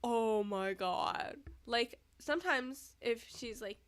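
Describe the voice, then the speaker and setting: A woman's voice: fairly high pitch, takes it slowly, no room sound. Sleepy, giggly young woman chatting. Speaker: streamer. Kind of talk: casual chat. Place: indoors at home.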